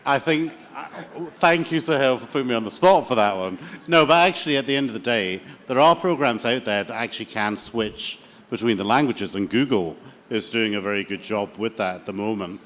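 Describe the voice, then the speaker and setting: A man's voice: lowish voice, fairly quick, fairly bright tone. Joking Scottish panelist man. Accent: Scottish, Edinburgh. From Scotland. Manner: jokey, teasing. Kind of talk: panel discussion. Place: conference stage.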